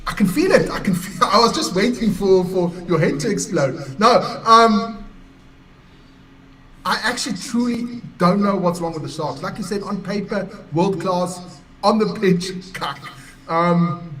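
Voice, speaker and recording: Measured man with a high voice. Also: a bit bright. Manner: measured, hesitant, with fillers. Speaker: rugby show co-host. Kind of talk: casual chat.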